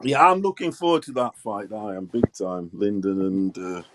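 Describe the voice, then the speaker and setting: A man's voice: fairly low pitch, big pitch swings, moderate pace. A man co-hosting a casual boxing chat, speaking emphatically and closing his points with tag phrases. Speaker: boxing podcast co-host.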